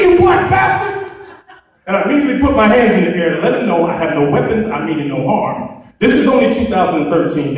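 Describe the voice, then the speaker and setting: A man telling a comic true story on stage, animated and profane, with a live-event sound. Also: a little high. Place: large hall on stage. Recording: echoey hall, distant mic.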